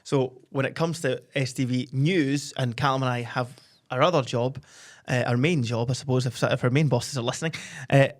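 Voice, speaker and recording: A Scottish man co-hosting a football podcast, chatting casually with quick, joking banter. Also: medium pitch, fairly even intonation. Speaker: podcast co-host.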